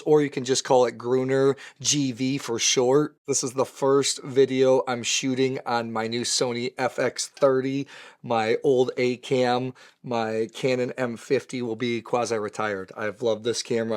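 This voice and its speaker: A man's voice: mid-range voice, darkish tone. Guy hosting a wine tasting, voice kinda weak and worn out, chatty and keen. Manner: enthusiastic, conversational. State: weak voice from lost voice. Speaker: wine educator.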